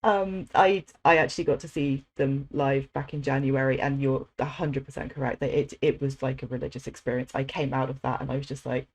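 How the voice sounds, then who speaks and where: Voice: medium pitch, fairly even intonation, a little fast, hardly any pauses. A podcast host in casual chat, eager and agreeable, laughing often between remarks.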